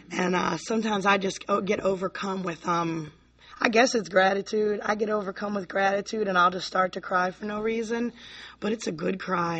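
Woman, bright voice, candid, rambling, "you know, like", recovery share, sharp tone. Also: mid-range voice. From Virginia, USA. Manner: candid, rambling, full of "you know, like", laughing and near tears. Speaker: speaker at a recovery convention. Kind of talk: personal recovery share to an audience.

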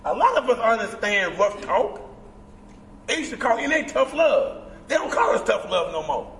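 A man with a high voice that leaps all over the place, preaching his story to a crowd with emphatic bursts. He is heard from far off in an echoey convention hall with a long reverb tail. Faint room ambience hums behind him. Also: big pitch swings, moderate pace, a bit bright, slight background noise. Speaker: guest speaker at a recovery convention. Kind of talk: impassioned speaker share. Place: large indoor convention hall.

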